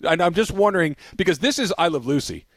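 A man co-hosting a sports radio show, chatting in a loose, animated way, laughing often and repeating himself. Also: high voice, fast talker, dry recording. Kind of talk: casual radio banter.

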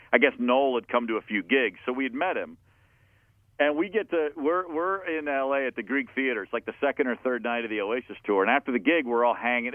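A man, a musician guest, telling an anecdote in a loose, animated way, swearing often and laughing at himself. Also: mid-range voice, no echo. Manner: animated, profane storyteller who laughs at himself. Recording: tinny phone-like dry sound.

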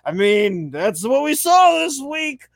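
A man's voice: very high-pitched, big pitch swings, takes it slowly, no echo. A man co-hosting a sports podcast, musing in a rambling, profane, sarcastic way. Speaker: podcast co-host. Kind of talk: casual sports podcast banter.

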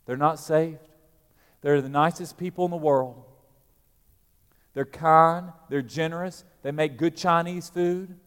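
A man preaches a sermon, his voice sitting a little high for a man. He swings between loud emphatic peaks and quiet, dropped asides. A long church reverb trails behind his words. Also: fairly even intonation, unhurried, pauses often, clear, resonant tone. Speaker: pastor.

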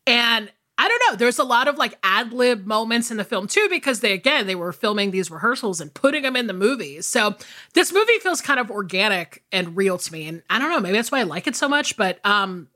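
A woman's voice: mid-range voice, sing-song, brisk, bright, forceful tone. A woman co-hosting a movie podcast, chatting casually and rambling with lots of fillers. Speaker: podcast co-host.

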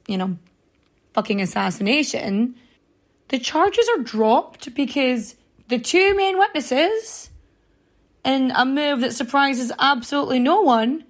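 Sweary, sarcastic woman telling history. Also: sits high. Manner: chatty with many filler words. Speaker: podcast host. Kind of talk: casual storytelling about history.

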